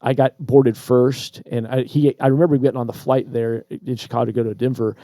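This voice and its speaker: A man co-hosting a podcast, casually telling a personal story with lively asides and repeated words. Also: medium pitch, brisk, no echo, clean studio sound. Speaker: podcast co-host. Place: Traverse City, Michigan.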